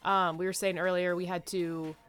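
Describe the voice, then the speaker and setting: A woman's voice: fairly low pitch, flat delivery, normal speed, fairly bright tone, smooth, soft background music. A woman co-hosting a podcast in a casual chat, telling stories in a bubbly, upbeat way. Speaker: podcast co-host.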